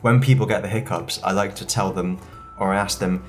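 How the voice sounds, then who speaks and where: A man's voice: low-pitched, steady tone, brisk. A man co-hosting a let's-play, chatting in a rambling, giggly way full of crude banter. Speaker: co-host. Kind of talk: casual let's-play chat. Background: faint game music.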